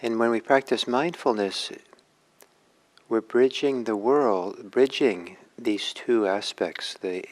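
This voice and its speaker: A man leading a guided meditation talk as a meditation teacher, speaking gently with long pauses. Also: fairly low pitch, poor audio.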